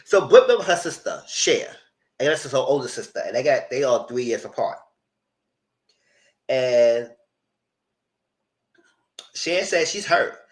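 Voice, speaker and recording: A man giving casual live commentary on a reality show, animated, repeating himself and cursing freely. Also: medium pitch, moderate pace, pauses often.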